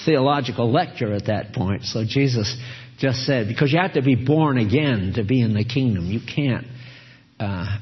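A man preaching a sermon in an earnest, exhorting way, chuckling often as he talks. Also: mid-range voice. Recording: dull lo-fi recording.

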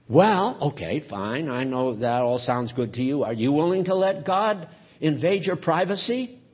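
A man preaching a sermon in an earnest, emphatic way, swinging between loud and soft. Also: mid-range voice, breathy edge, highs cut off.

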